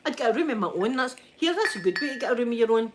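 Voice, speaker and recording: A Scottish woman chatting in a soft ASMR style, telling stories with plenty of giggles. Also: a little high, animated, racing, noisy background. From Scotland. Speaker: vlogger. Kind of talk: ASMR chat.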